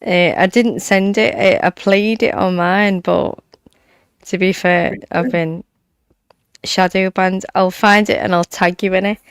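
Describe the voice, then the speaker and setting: A woman guest on a talk panel, blunt and chatty, laughing as she talks. Her voice has a middle pitch. The sound is close and dry, with no room around it. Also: fairly even intonation, measured pace, clean tone, no room sound. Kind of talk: casual chat.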